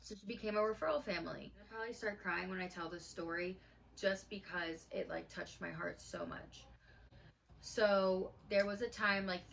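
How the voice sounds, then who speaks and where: A woman in her late twenties shares a personal story on camera in a heartfelt, earnest way. She talks casually and fills her sentences with fillers, in a voice of ordinary pitch. A faint hum of room noise sits behind her. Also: vocal fry, fairly bright tone, rough recording. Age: late 20s. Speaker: vlogger.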